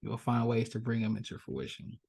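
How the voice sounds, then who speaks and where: A man's voice: brisk, creaky, slightly rough. A young man from Chicago's South Side, a podcast guest, telling a story casually and acting out the characters' voices. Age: young adult. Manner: animated, acts out voices in his stories with big pitch jumps.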